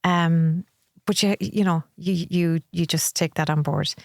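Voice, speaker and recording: A woman's voice: lowish voice, fairly even intonation, unhurried, no room sound, studio quality. A middle-aged Irish woman speaking candidly and reflectively as a podcast guest, sometimes acting out the voices of people she meets. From Ireland. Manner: reflective, candid, often acts out quoted voices. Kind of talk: conversational interview.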